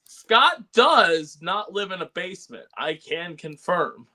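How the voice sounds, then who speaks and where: A man's voice: high voice, sing-song, takes it slowly, a loud crowd. A man co-hosting a casual podcast chat, rambling with lots of fillers and laughs. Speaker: podcast co-host.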